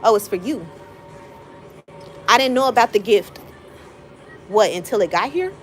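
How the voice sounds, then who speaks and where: A woman's voice: medium pitch, expressive, unhurried, faint music behind, poor audio. A woman vlogger venting emotionally to her viewers in a hurt, rambling way. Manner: hurt, rambling, frequent fillers.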